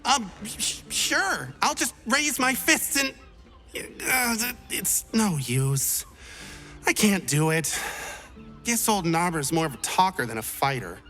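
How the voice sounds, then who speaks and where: A woman voicing an eager, clumsy young male would-be adventurer in a video game, who talks excitably, rambles and stumbles over his words. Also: lowish voice, slow pace, soft background music, full character voice. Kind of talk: game character dialogue.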